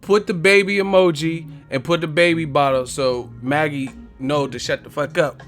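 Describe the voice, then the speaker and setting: A man's voice: a little high, fairly even intonation, moderate pace, fairly bright tone, faint music behind. A man hosting a boxing live stream in a casual, profane, joking way, reading viewer comments aloud and trash-talking back at them.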